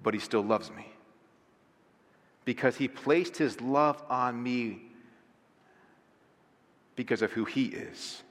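A man's voice: mid-range voice, slow, long pauses. Man, pastor, sermon, rhetorical questions, long hall echo, church. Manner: conversational preaching with rhetorical questions. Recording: long reverb of a large hall.

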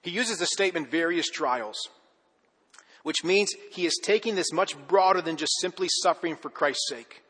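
A man preaching a sermon as pastor, telling stories with animation and then dropping to a soft, earnest hush. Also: sits high, a little fast, hardly any pauses, husky, big-room sound.

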